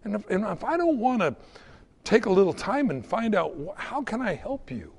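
A man preaching a sermon in a high, bright register. His pitch swoops up and down as he slips into short, acted-out bits of everyday conversation, keeping the talk loose and conversational. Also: very animated, moderate pace, creaky. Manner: conversational, acts out little everyday dialogues. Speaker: pastor.

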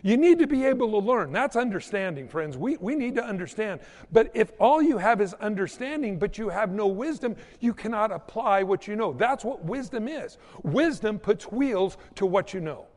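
Man, sermon, anecdotes with acted-out quotes, very expressive pitch, long hall reverb. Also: moderate pace, hardly any pauses. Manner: storytelling with quoted voices and asides. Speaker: pastor.

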